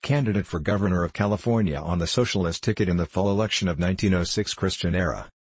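A man reading a novel aloud in a steady, measured narration. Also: low voice, husky, dry recording. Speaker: audiobook narrator. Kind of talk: scripted narration.

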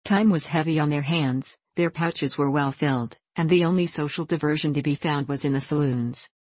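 A woman narrating an audiobook in a steady, measured reading voice. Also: low voice, no echo. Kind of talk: scripted narration.

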